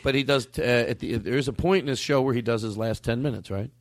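A podcast host talks fast in a medium-pitched voice, rambling through casual chat and laughing easily. He often repeats himself, and the recording has no echo.

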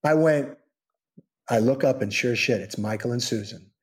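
Man, middle-aged, soap actor guest, casual storytelling, animated quoting, mid pitch. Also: moderate pace. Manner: animated storyteller, acts out quoted voices in high pitch. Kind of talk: casual anecdote telling.

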